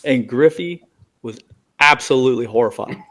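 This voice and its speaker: A man's voice: medium pitch, moderate pace. Laughing man telling a story. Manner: animated, laughing, acts out quotes. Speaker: former pitcher telling a story. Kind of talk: casual storytelling among friends.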